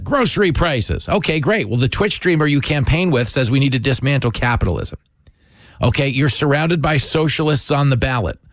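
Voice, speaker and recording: Male show host, sharp mocking political takes, medium pitch, dry sound. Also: no room sound. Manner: sarcastic, mocking asides. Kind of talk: opinionated political commentary.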